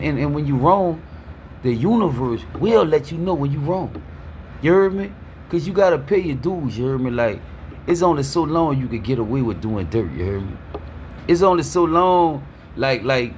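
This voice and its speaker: A man's voice: a little high, a little hiss or hum. Preachy man, repeating "you heard me". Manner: repeats "you heard me" constantly, stammers on restarts. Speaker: motivational speaker. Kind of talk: preachy street talk.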